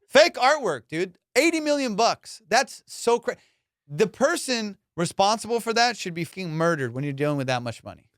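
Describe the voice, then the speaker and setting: A man hosting a comedy podcast, ranting in a casual, profane, animated way and slipping into mock voices. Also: high-pitched, brisk, no room sound, studio quality. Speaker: podcast host.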